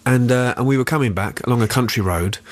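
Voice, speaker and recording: A man co-hosting a radio show, chatting casually, telling rambling jokey anecdotes and slipping into quick voices. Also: medium pitch. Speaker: radio co-host. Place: radio studio. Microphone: studio mic.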